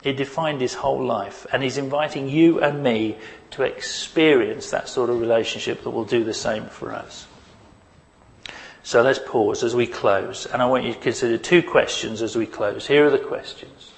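A man preaching a sermon as pastor, earnest and questioning, leading the listeners into a quiet reflection. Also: mid-range voice, fairly even intonation, normal speed, vocal fry, rough recording.

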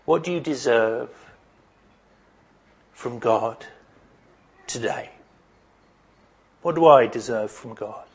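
A man's voice: medium pitch, takes it slowly, long pauses, husky. A man preaching a sermon, putting emphatic rhetorical questions to his congregation. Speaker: pastor.

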